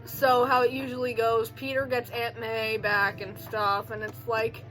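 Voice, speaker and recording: Bright high-voiced young woman rambling. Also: level tone, soft background music, poor audio. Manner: rambling, heavy with "like", quick joking asides. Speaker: video creator recapping a film. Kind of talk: casual rambling film recap.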